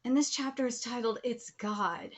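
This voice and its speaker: Emotional, gushing woman reaction host, slightly high. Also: steady tone, normal speed. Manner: emotional, gushing, often dropping to breathy whispered exclamations. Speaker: YouTube manga reaction host. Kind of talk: live reaction commentary.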